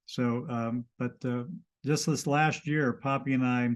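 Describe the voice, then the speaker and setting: A man telling a personal story in casual conversation, halting and restarting often. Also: medium pitch, fairly even intonation, clear, resonant tone.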